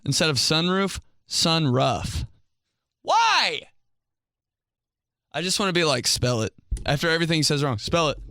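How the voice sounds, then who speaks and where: Lively, bright-voiced young man. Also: mid-range voice, gravelly, no echo, clean studio sound. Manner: animated, laughs often, mimics voices. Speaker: podcast host. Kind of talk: casual comedic monologue.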